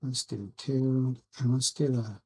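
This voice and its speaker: Slow, husky-voiced man at his workbench. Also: mid-range voice, fairly even intonation. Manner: soft, rambling self-talk with musing asides. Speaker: drone hobby channel host. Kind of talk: casual build vlog, talking to viewers while working.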